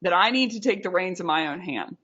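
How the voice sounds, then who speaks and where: A woman with a slightly low voice co-hosts a podcast, speaking in an earnest, reflective way. She often restarts her sentences, and the sound is a bit muffled. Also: expressive, brisk, a bit bright, a little hiss or hum. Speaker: podcast co-host. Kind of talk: casual podcast monologue.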